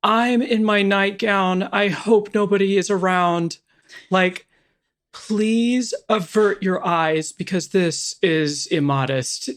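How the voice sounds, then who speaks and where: A man voicing a loud, theatrical teenage girl in a mock-prim tone. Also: high-pitched, takes it slowly, voice pushed up. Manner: mock-prim, exaggerated announcing.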